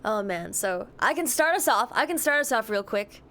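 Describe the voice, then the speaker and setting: A woman's voice: on the high side, lively intonation, normal speed, fairly bright tone, slight background noise. A young woman streamer chatting casually, greeting and answering her chat with a giggly, easygoing manner.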